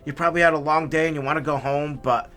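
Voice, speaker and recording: A man's voice: fairly high pitch, fairly even intonation, fast talker, pushed and bright, soft background music. A man voicing a flustered, apologetic father who stammers and pleads. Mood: pleading.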